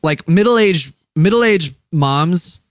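A man's voice: on the high side, expressive, slow pace, dry recording, studio quality. A young man co-hosting a casual comedy podcast from a hotel room, joking, rambling and crude. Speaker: podcast co-host.

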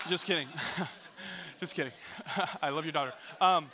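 A young man, a youth pastor, telling a funny story in an energetic, joking sermon. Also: sits high, slow, pauses often, noisy background. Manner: hyped, joking, animated storyteller.

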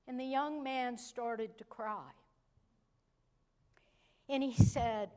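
A woman preaches from the pulpit in a high, light voice. She takes her time, telling the story slowly and letting her voice drop soft for emphasis. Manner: storytelling, slows and softens for emphasis. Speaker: pastor. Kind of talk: sermon.

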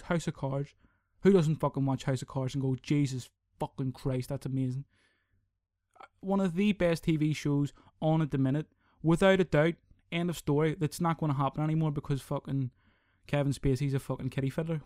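This is a sweary, animated young podcast host on a casual solo rant, rambling as he goes. His voice is a little high and brisk, with hardly any pauses. The sound is studio quality, with no room sound at all.

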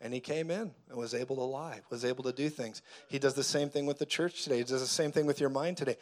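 A man preaching a sermon, telling a story dramatically and building to loud, fervent declarations. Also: medium pitch, fast talker, hardly any pauses. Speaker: pastor.

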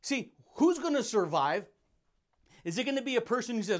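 Brash high-voiced motivational man. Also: animated, a little fast, fairly bright tone. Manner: intense and brash, laughs often, says dude and buddy. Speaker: podcast host. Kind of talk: motivational monologue.

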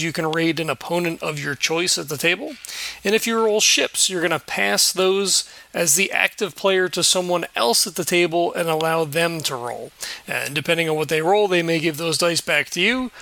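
A man hosting a tabletop game show, reading a sponsor spot and chatting casually about play, upbeat with sudden jumps in pitch. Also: vocal fry, pushed and bright. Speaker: host.

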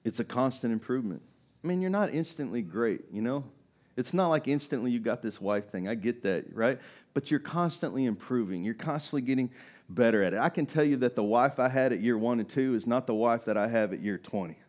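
A middle-aged man preaching a sermon as pastor, conversational, often asking "right?" and swinging between loud and quiet. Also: medium pitch, lively intonation, fairly quick. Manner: conversational, rising and falling in loudness, tag questions.

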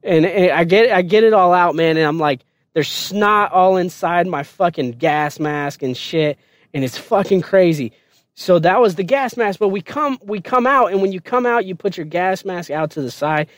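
A man telling basic training stories in a casual, profane and animated way on a podcast. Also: high-pitched, normal speed, no room sound. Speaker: podcast guest storyteller. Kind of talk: casual storytelling.

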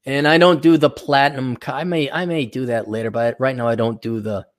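This solo podcast host's voice is medium-pitched, steady, and fairly quick. His rants are profane and sarcastic, and he uses mock voices to ridicule the people he disagrees with.

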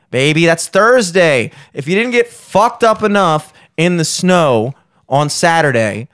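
A man's voice: on the high side, very animated, normal speed, a bit bright, clean tone, no echo. Young male podcast host, loose and profane, dry close mic. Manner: profane, joking, rambling plugs. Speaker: podcast host and gigging musician. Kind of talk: casual podcast banter.

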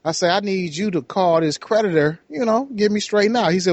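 Guy on a podcast with a slightly high voice, laid back, quoting folks back and forth, dry sound. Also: lively intonation, fast, hardly any pauses, dry recording. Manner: laid-back storyteller who quotes people in dialogue and laughs at his own tale. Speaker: podcast co-host. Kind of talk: casual podcast chat.

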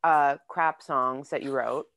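A woman's voice: rumbling low, takes it slowly, clean tone, no echo, studio quality. A woman co-hosting a comedy podcast, talking in a playful, goofy way. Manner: playful and goofy, bursts into loud bits. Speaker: podcast co-host. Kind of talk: casual comedy podcast chat.

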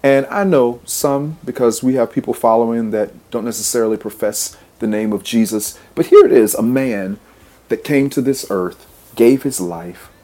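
A man's voice: medium pitch, normal speed, mellow. A man preaching a motivational sermon, repeating phrases in a rhythmic, emphatic way and leading affirmations. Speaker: podcast host and preacher.

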